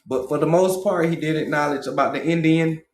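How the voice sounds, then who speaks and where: A man hosting a livestream, reading a book aloud and breaking off into casual, slangy commentary and loud, high exclamations. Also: a little fast. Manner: casual, slangy asides between read passages. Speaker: livestream host.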